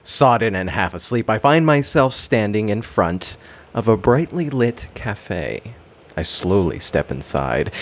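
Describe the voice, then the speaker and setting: Low-voiced, theatrical male storyteller. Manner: theatrical, expressive. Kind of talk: dramatic first-person story narration.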